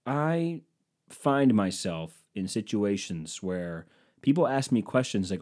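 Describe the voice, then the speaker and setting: Speaking indoors at home into a computer-connected mic, a man in his twenties hosts a podcast, telling rambling, self-deprecating stories with lots of swearing in a casual comedic monologue. His mid-range voice is animated and a little mellow, at a moderate pace.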